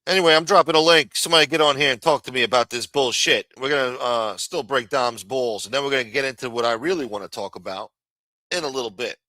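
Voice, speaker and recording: A crude, sarcastic livestream host from New rambles through his rants. His tone is sharp and bright, and his voice sounds close and dry. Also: medium pitch, fast talker, dry recording. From New York. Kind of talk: profane ranting livestream chat.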